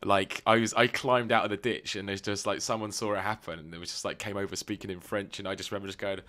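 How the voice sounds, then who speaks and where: This young podcast co-host has a lowish voice with a steady, sharp tone and talks fast. In casual chat, he tells a long, rambling story packed with fillers and offhand swearing.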